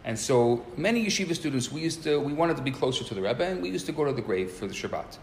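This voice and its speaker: Rabbi telling a story in an echoey room. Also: male voice, mid-range voice, fast. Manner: lively storyteller, restarts and repeats words. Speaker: rabbi teaching a class. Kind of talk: live lecture with storytelling. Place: classroom at a community center. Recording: roomy live recording with faint noise.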